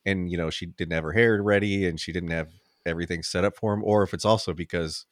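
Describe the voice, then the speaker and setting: A man's voice: deep voice, steady tone, fast, no room sound, clean studio sound. A man co-hosting a film podcast, thoughtfully explaining a scene in casual chat. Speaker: podcast co-host.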